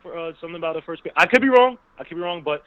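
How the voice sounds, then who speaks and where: A man calling into a sports show, talking quickly with stumbling restarts and emphatic stress. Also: a little high, expressive, over a noisy crowd. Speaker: caller. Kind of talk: phone-in sports talk. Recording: tinny phone line.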